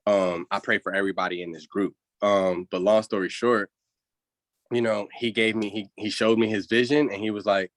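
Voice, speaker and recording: A man's voice: on the low side, level tone, moderate pace, no echo. A man working as a trading analyst, speaking earnestly and rambling, with spiritual asides. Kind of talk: casual livestream talk.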